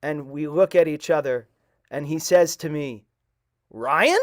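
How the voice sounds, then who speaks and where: A middle-aged man telling a personal story to a live audience, earnest and halting with many pauses. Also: fairly high pitch, steady tone, mellow. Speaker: storyteller at a community event.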